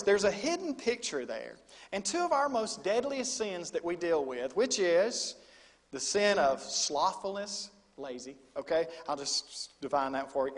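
This middle-aged man is a student minister delivering a sermon, his high voice trailing off into a long reverb tail. He preaches in a folksy, storytelling way, sprinkling in quoted asides.

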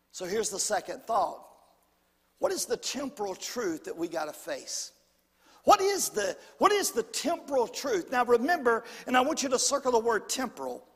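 A man preaching a sermon as pastor, calling out to the congregation and rising to shouts at the peaks. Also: extremely high pitch. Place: church sanctuary. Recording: long hall reverb.

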